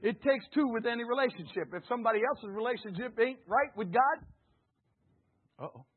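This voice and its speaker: A man preaches with expressive fervor at a brisk clip, his slightly hoarse voice climbing to shouts and dropping down as he prompts the congregation to say it back. The recording sounds like a phone line.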